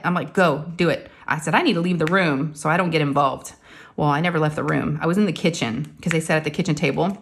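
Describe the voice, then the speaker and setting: A woman, chatting casually to her viewers. Her voice sits a little low. She tells stories and jumps into high voices for the people she quotes. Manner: chatty storytelling, acts out quoted family members in a high voice. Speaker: craft vlogger.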